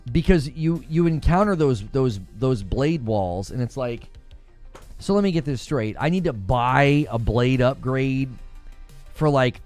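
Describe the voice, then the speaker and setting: A man at a middling pitch rambles through casual live-stream commentary, restarting sentences and leaning on fillers. He reads viewer comments aloud and answers them as he goes. Faint music plays in the background. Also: darkish tone. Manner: rambling, repeats words, many fillers. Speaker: gaming streamer.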